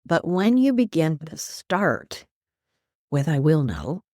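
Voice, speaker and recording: A woman guest who is a life coach and minister, talking earnestly about faith and quoting scripture in an animated, preacherly way. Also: sits low, slow, no room sound, studio quality. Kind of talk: earnest faith-based teaching in conversation.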